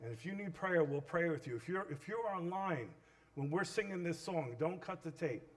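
A male pastor making an impassioned altar call during a sermon, moving from hushed pleading to loud cries. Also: a little high, lively intonation, normal speed.

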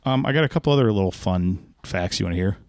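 A man's voice: sits low, lively intonation, quick pace, a little mellow, dry recording, clean studio sound. Wry man sharing movie trivia. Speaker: podcast co-host. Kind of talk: casual movie review chat.

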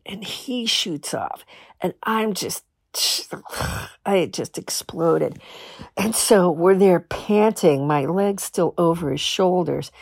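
A woman podcast host with a gravelly, slightly low voice, telling frank and bawdy stories at an unhurried pace. The sound is close and dry. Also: dry recording. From New Jersey. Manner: frank, bawdy storytelling with laughs. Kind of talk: casual storytelling.

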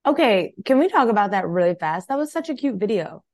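A woman's voice: medium pitch, big pitch swings, brisk, darkish tone, no room sound, clean studio sound. A young woman co-hosting a podcast in casual chat, blunt and profane, laughing often. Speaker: podcast co-host.

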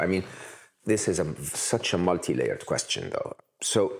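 Low-voiced man giving emphatic interview answers. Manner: emphatic, repetitive lists for effect. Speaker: interview guest.

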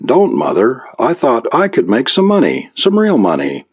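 A man's voice: medium pitch, wildly swooping pitch, moderate pace, breathy edge, no room sound, lo-fi sound, voice pushed up. A man voicing a distraught young man who has lost money gambling, anguished and disbelieving.

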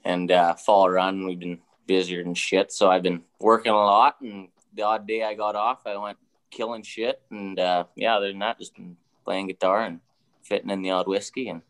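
A man's voice: deep voice, level tone, moderate pace, a bit bright, smooth. A man who is a podcast guest, talking in laid-back casual chat, blunt and swearing often.

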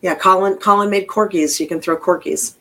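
Philly guy cohost, bright voice, quick jokey banter. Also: high-pitched, steady tone, slight background noise. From Philadelphia. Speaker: stream co-host. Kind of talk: casual chat.

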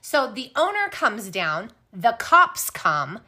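Bright-voiced woman telling a story. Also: a little high, takes it slowly, slightly rough. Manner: animated, blunt, swears freely. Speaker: podcast host. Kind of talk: casual storytelling.

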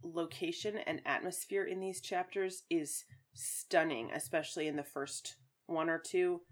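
Chatty woman with a lowish voice. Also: fairly even intonation, unhurried. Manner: chatty, laughs often, reads quotes aloud. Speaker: podcast co-host. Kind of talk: casual book discussion.

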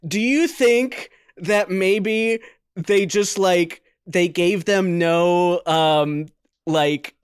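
A man's voice: high-pitched, extremely slow, clean tone, no echo, studio quality. A man co-hosting a podcast, chatting casually in a hesitant, stumbling way. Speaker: podcast co-host. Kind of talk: casual chat.

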